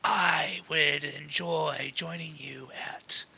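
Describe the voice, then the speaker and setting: A creepy lizardfolk bard murmurs in a slow, breathy whisper, as a man puts him on. He is unsettling and hushed, his words dragging out in this tabletop game voice. The tone is bright and edged with gravel. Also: on the high side, steady tone, exaggerated voice. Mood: eerie.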